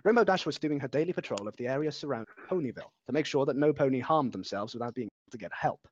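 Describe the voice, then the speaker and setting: A man's voice: mid-range voice, expressive, very fast, dry recording, lo-fi sound. A man reading a story aloud in a casual, unpolished way, stumbling over words and restarting them as he goes. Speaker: amateur reader.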